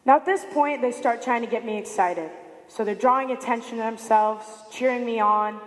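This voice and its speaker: Young woman, student speech, tells a story and acts out the quotes, kinda high voice. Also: moderate pace, big-room sound. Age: young adult. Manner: storytelling with lively acted-out quotes. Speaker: student speaker. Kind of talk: prepared symposium speech.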